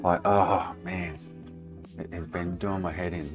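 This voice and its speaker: A man's voice: low-pitched, fairly even intonation, a little slow, soft background music. A man with an Australian accent streaming console repairs, chatting casually and ranting in frustration, swearing a lot. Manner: exasperated ranting, heavy swearing. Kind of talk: casual livestream chat while working.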